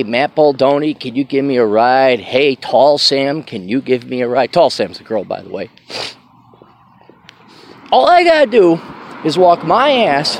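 A man hosting a podcast, talking in a brash, sarcastic, ranting monologue. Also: a little high. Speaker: podcast host. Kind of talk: casual monologue.

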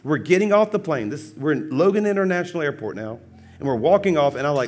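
A man preaching as a pastor, telling a funny personal story with lively, laughing acted-out dialogue. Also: a little high, fast. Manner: animated, humorous, acts out dialogue with laughs. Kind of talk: sermon storytelling.

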